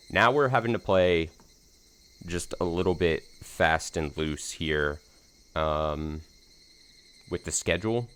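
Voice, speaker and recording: Man, very low voice, slightly hoarse, let's play streamer, casual rambling chat, self-deprecating, lots of fillers. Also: a bit bright. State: slightly hoarse from screaming the night before. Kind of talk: casual stream chat before reading a visual novel.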